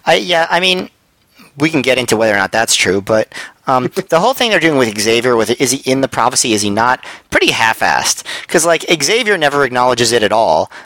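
Male co-host, bright, forceful tone, rambling hesitant delivery, dry mic. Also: mid-range voice, very animated, brisk, no room sound, low-quality recording. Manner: rambling, hesitant, many fillers. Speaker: podcast co-host. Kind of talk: casual chat reviewing wrestling.

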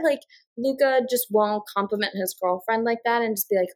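A woman co-hosting a podcast in casual chat, rambling with lots of filler words and getting animated when she retells a scene. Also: a little high, normal speed. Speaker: podcast co-host.

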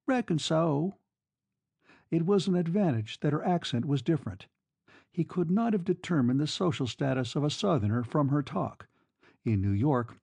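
A man reads a classic novel aloud at an unhurried pace, his voice mellow and dark in tone at a middle pitch. It is recorded dry and close, with no room sound around it. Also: gravelly, husky, dry recording. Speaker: audiobook narrator. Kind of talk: scripted narration of a classic novel.

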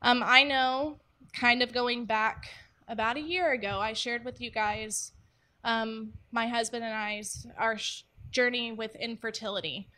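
Young woman giving a church talk, bright clear voice a bit high, lots of ums, real earnest. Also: fairly even intonation, measured pace. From United States. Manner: earnest, frequent ums, candid and personal. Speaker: church ministry speaker. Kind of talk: faith-based teaching talk.

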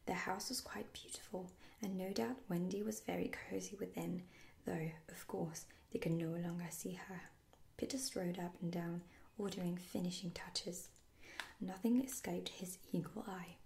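A woman tells a fairy tale in a hushed, unhurried whisper. It is a whispered role-play, soothing and soft-spoken, with a slight gravelly texture under the breath. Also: lowish voice, fairly even intonation. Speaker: storyteller.

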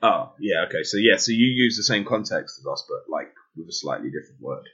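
A man's voice: deep voice, animated, brisk, fairly bright tone, husky. A man with a London accent in casual chat, hesitant and full of restarts. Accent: London English. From England. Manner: chatty, hesitant, many restarts. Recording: dull lo-fi audio.

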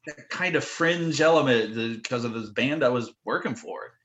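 A man telling wild stories in a casual podcast interview, animated and full of "like" fillers. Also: mid-range voice, normal speed, dull audio. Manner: animated, lots of "like" fillers, acts out quotes. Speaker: guest telling tour stories. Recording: roomy echo.

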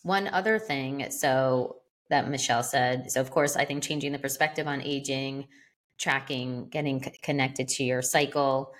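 A woman's voice: rumbling low, normal speed. A woman co-hosting a podcast in casual chat, rambling along with lots of "like" and "you know.". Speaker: podcast co-host.

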